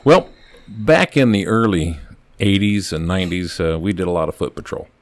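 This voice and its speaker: An older man with a very low, deep voice tells stories from his long police career in an earnest, halting way. He often stops and restarts his sentences as he talks. The sound is dry and close, with no room around it. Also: animated, no echo. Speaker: retired police officer, podcast guest. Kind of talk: casual storytelling chat.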